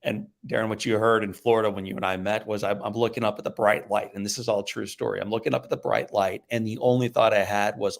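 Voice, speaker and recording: A man from the American Midwest, a guest speaker, telling a personal story in an animated way that swings between loud outbursts and hushed tones. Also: fairly low pitch, fast talker, creaky, few pauses.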